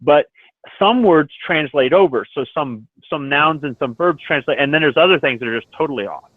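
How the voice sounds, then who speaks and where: A man's voice: a little high, expressive, brisk, no echo. A man in casual chat, explaining his opinions at length. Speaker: lobby chat participant. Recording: dry tinny phone-like line.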